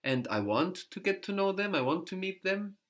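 A man's voice: high-pitched, big pitch swings, normal speed, a bit bright. A man teaching a language lesson, patiently prompting a student and repeating her answers.

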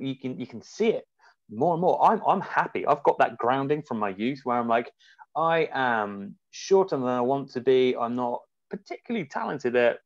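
A man talking as a podcast guest in casual conversation, reflective and halting, often restarting his sentences. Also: mid-range voice, no echo. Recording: muffled dry remote audio.

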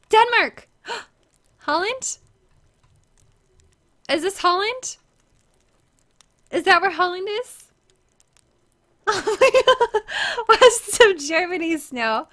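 Young American woman streamer with a high voice and a slow, laughing, self-mocking way of talking. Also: pushed and bright. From United States. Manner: giggly, flustered, self-deprecating. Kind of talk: casual live-stream chat.

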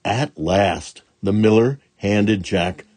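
A man reading a children's storybook aloud in a slow, gentle and expressive way, with a husky voice. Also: lowish voice, dry recording. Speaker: storybook reader.

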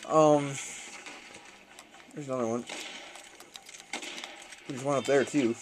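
A man's voice: mid-range voice, unhurried, pauses often, faint music behind. A young man ranting casually and profanely while playing a shooter game, rambling and laughing often.

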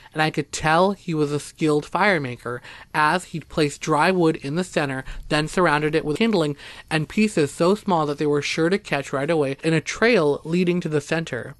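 A man reading a first-person story aloud as narrator, in a steady, even storytelling manner. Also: a little high, normal speed, no room sound. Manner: steady, even storytelling, voicing quoted speakers.

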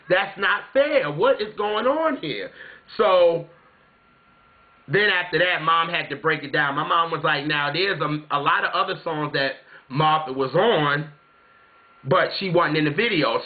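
A man from South Carolina telling a story casually to his viewers, chatty and rambling, often saying "you know what I'm saying". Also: fairly high pitch. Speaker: music vlogger. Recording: tinny phone-like sound.

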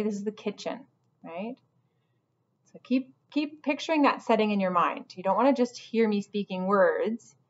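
A woman's voice: mid-range voice, lo-fi sound. Woman reading a storybook to students. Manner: patient, instructive. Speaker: teacher reading aloud. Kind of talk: storybook read-aloud with asides to students.

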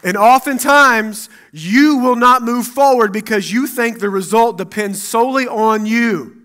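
A man preaching a sermon as pastor in a church, acting out Bible dialogue and swinging between loud and hushed. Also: very high-pitched, unhurried.

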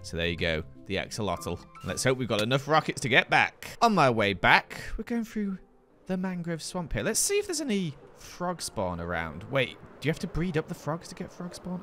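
Animated, playful young man commentating. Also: a little high. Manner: goofy, self-mocking, animated. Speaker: gaming video host.

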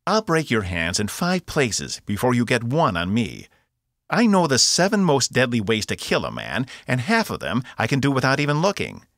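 Brief: man voicing a boastful, threatening alien jailer; pushed-up, rough voice. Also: medium pitch, wildly swooping pitch, moderate pace, fairly bright tone, dry recording, clean studio sound, voice pushed up. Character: menacing male alien prison guard.

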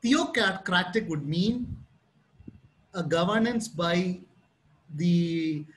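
A man's voice: sits high, expressive, extremely slow, slight background noise, poor audio. A man from Kerala, India, speaking as a pastor at an online youth Bible study, chatty, acting out both sides of a phone conversation while telling a story.

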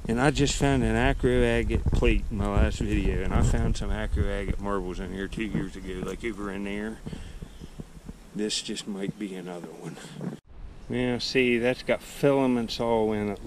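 A man vlogging while he digs for old bottles at a dump in the woods, out of breath, excitedly marveling aloud at what he finds. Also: fairly low pitch, normal speed. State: out of breath in the heat. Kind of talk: casual narration while digging. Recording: outdoor ambience noise.

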